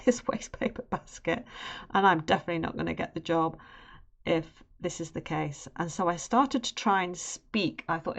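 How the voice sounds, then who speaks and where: Streamer: young woman, lowish voice, chatty, animated storyteller who laughs easily. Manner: animated, laughs while telling. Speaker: art streamer. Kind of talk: casual storytelling on a live stream.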